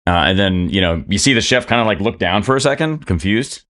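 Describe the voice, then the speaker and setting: A man's voice: fairly low pitch, animated, brisk, fairly bright tone. A man narrating a tabletop game as game master, rambling through scene description with many fillers.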